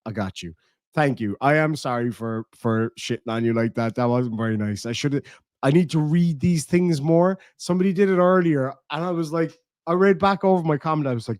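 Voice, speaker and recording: A man's voice: fairly high pitch, fairly quick, darkish tone, no echo, studio quality. An Irish man hosting a livestream, chatting in a rambling, profane way and reading out viewer donations. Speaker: livestream host. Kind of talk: casual livestream chat.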